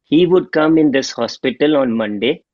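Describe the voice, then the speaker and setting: A middle-aged man, a homeopath guest telling an animated story and acting out the dialogue. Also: mid-range voice, normal speed, dry recording. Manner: animated, acts out quoted dialogue. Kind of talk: storytelling interview. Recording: dull lo-fi dry sound.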